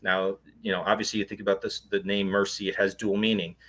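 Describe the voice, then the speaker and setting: A man speaks as an interview guest, telling a personal experience with earnest intensity. His voice sits a touch low, yet it sounds bright and tense. He rambles, stacking fillers and restarts as he goes. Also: little pitch movement, quick pace. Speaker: guest, paranormal investigator.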